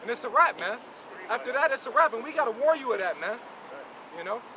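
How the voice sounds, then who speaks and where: A man's voice: very high-pitched, big pitch swings, fast. A man preaching outdoors on a street, commenting on scripture with emphatic, repetitive phrasing. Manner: emphatic, repeats "man" and "you know". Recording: outdoor street with crowd noise.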